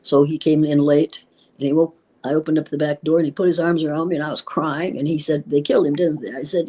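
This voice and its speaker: Heard on a low-quality recording, a former schoolteacher, now older and retired, speaks as an interview guest in a low-pitched, dark voice, quick yet steady in tone. Indignant and emphatic, she recounts her story, performs the dialogue she recalls, and is occasionally tearful.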